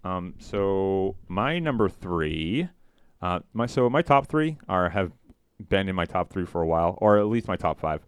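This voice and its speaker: Deep-voiced man chatting casually. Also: a little slow, smooth, dry recording, clean studio sound. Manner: animated storyteller, acts out scenes. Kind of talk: casual chat.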